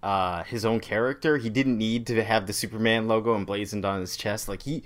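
A man's voice: fairly low pitch, steady tone, brisk. A man in casual podcast chat, giving dry, wry remarks about a comic. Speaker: podcast co-host.

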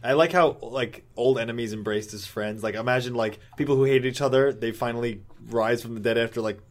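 A man co-hosting a casual comics podcast, relaxed and joking, with lots of "like" fillers. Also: mid-range voice, a little fast. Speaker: podcast co-host. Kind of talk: casual comic book discussion.

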